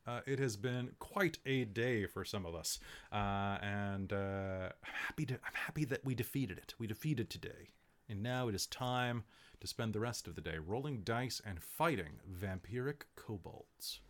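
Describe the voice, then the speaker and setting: A man's voice: fairly low pitch, normal speed. A man serving as game master, chatting casually and joking, with lots of fillers before the tabletop game starts. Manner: joking, rambling with many fillers.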